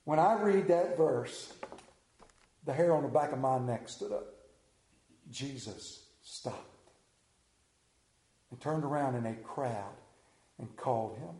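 A man preaching a sermon as pastor, dramatic, shifting between loud acted lines and hushed ones. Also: mid-range voice, unhurried, reverberant.

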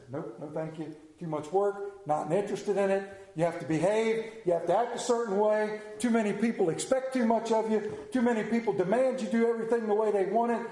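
Male pastor, sermon, mellow voice, raised pitch, echoey church room, dramatic swings from loud to hushed.

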